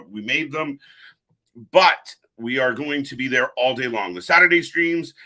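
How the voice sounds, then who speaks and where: A man's voice: medium pitch, pushed and bright. A man hosting a live wrestling watch-along stream, chatting casually and greeting viewers in the chat by name.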